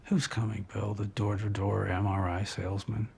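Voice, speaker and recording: An actor playing an ailing older man in a TV drama, speaking quietly, tenderly and firmly. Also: lowish voice, little pitch movement, moderate pace, creaky, slight background noise. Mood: tender resolve. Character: aging man, gravely ill, calm and resolved. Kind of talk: TV drama dialogue.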